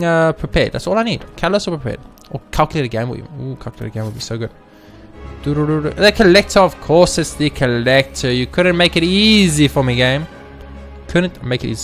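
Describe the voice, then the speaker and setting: Excitable gaming commentator, a man. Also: on the high side, vocal fry. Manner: excitable, swears, talks to the game. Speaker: let's play host.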